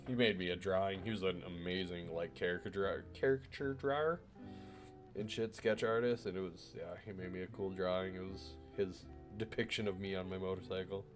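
Over soft background music, a low-voiced man talks briskly with fairly level intonation. Chatting casually among friends, he spins a loose, profane family anecdote packed with fillers.

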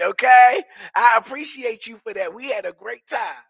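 Sassy high-voiced man from DC. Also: moderate pace, creaky, a bit bright, husky, no echo. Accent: Washington, DC. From Washington, DC. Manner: brassy, sassy, profane banter. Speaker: comedian hosting a live stream. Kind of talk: live-stream chat, reading viewer comments.

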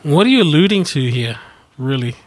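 A podcast co-host who cuts in with short, teasing questions and jokes. His voice sits fairly high and swings around a lot, which makes his banter sound lively. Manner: quick teasing interjections. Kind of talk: casual chat.

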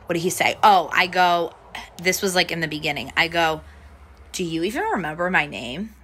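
A woman's voice: fairly low pitch, expressive, normal speed, pushed and bright, a little hiss or hum. A young woman telling a story in a casual chat, full of "like" and acting out what people said. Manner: chatty, full of "like" fillers, acts out quoted lines.

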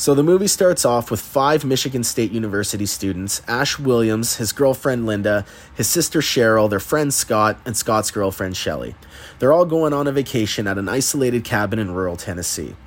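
A man's voice: mid-range voice, expressive, normal speed. Chatty, profane male movie host. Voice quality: chatty, profane, laughs at the plot. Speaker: podcast host. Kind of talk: casual movie recap.

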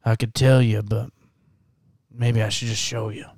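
A man's voice: on the low side, flat delivery, vocal fry, darkish tone, dry recording, studio quality. A man playing a grumpy, self-centered family man who sighs and grumbles, in an improvised comedy sketch. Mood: weary. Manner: slow, sighing, grumbling.

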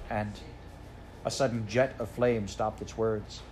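A man reading a children's storybook aloud, in a measured, unhurried narration. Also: medium pitch, slight background noise. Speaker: audiobook reader.

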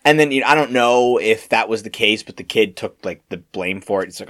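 A young man co-hosting a podcast, telling work stories in a rambling, animated way with lots of fillers and restarts. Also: fairly low pitch, fairly quick, few pauses. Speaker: podcast co-host. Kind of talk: casual storytelling chat.

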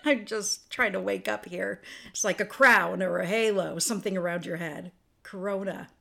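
A woman's voice: medium pitch, moderate pace, creaky, sharp tone. A woman hosting her own podcast in a casual solo monologue, chatty and spelling words out letter by letter. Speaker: podcast host.

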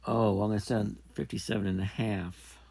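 A man's voice: lowish voice, fairly even intonation, fairly quick, warm tone. A man hosting a casual podcast, rambling and correcting himself as he thinks aloud. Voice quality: gravelly, husky. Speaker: podcast host. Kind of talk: casual trading podcast talk.

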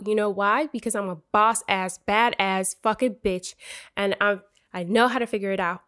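A young woman talks straight to her listeners in a casual podcast pep talk, swearing freely and calling them sis. Her voice sits in an ordinary middle pitch, candid and sisterly in tone. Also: fairly even intonation, moderate pace, fairly bright tone. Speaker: podcast host.

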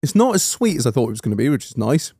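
A man's voice: mid-range voice, rapid-fire, husky, no echo, studio quality. A man co-hosting a podcast in casual chat, laughing often and swearing freely. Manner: laughs a lot, swears freely, animated storytelling. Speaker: podcast co-host.

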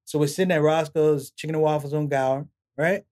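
This is a middle-aged man, a comedian guesting on a podcast, whose voice sits a little high and moves briskly. Spinning long stories in a relaxed interview, he performs the quotes of the people in them and laughs along.

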